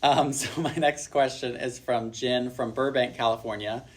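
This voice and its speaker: A young man from Kentucky, a singer-songwriter, reading out fan questions and answering them in a relaxed, friendly way with plenty of ums. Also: mid-range voice, normal speed.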